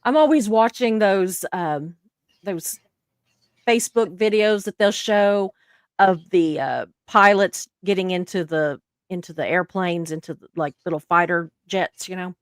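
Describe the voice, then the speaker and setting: A woman's voice: fairly low pitch, unhurried, clear, resonant tone, dry recording, studio quality. A woman with a Southern American accent hosting a casual live stream, reading viewer comments aloud and laughing often. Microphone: live stream mic.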